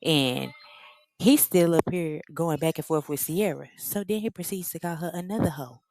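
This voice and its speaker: A woman hosting her own reaction channel, recapping a reality TV episode in a sassy, slangy, animated way. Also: low-pitched, moderate pace. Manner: animated, slangy, sassy storyteller who acts out the quotes. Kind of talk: casual reality-TV recap commentary.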